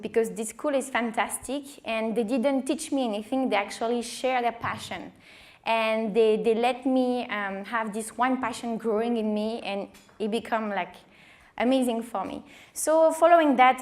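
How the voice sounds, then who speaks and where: A woman in her thirties with a French accent and a small voice, telling her career story in a lively conference talk with many fillers. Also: fairly high pitch. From France. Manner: animated, acts out quoted dialogue, many fillers. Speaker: wine director giving a conference talk.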